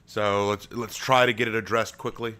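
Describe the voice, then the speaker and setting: A man's voice: lowish voice, flat delivery, moderate pace, bright, forceful tone, smooth. A man hosting a casual live stream from home, chatting with viewers and reading their messages aloud.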